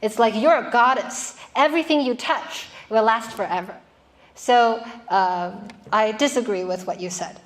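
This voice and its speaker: A woman's voice: on the high side, measured pace. A woman giving a classroom lecture on poetry, explaining patiently and putting questions to her students.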